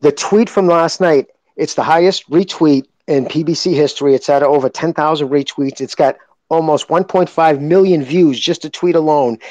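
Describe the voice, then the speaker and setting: A man's voice: fairly high pitch, a little mellow, no echo, low-quality recording. Fired-up man arguing his case. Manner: emphatic, argumentative, profane. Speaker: podcast co-host. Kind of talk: heated casual chat.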